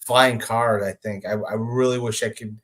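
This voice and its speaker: Easygoing guy in his 40s, kinda low voice, chatty guest, laughs a lot. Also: steady tone, moderate pace, fairly bright tone. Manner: easygoing, laughs often, hesitant fillers. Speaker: guest, comic creator. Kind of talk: casual interview chat.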